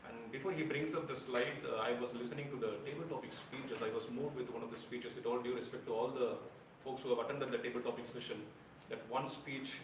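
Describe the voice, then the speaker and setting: A man addresses a club meeting as its speech evaluator, speaking frankly and earnestly with a dash of self-mocking humor. His voice sits at an ordinary middle pitch and comes from some distance away, in a roomy, echoing meeting room with a faint hum of ambience behind him. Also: fairly even intonation, quick pace, few pauses. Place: air-conditioned meeting room.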